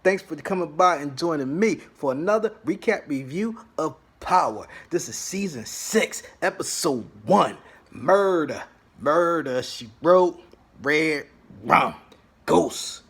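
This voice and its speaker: A man's voice: fairly high pitch, lively intonation, slow, a bit bright, breathy edge. A man hosting a casual TV recap, retelling scenes dramatically and acting out the quotes. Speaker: host of a TV recap channel.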